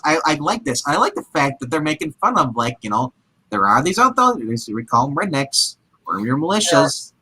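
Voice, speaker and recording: Bright, excitable man co-hosting a podcast. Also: on the high side, moderate pace, breathy edge. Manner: excitable, animated, slips into impressions of characters. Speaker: podcast co-host reviewing TV episodes. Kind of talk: casual review chat.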